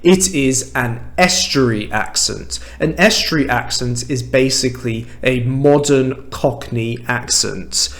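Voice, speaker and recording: A man from England with a standard southern British accent, explaining clearly and slowly in an English lesson. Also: mid-range voice, a bit bright. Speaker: English teacher. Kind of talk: language lesson to camera.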